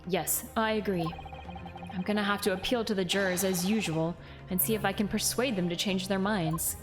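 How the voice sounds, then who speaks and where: Woman streamer, casual and laughing, reads game lines, mid-pitched, game music under her voice. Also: steady tone, moderate pace. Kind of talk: live game playthrough with read-aloud dialogue.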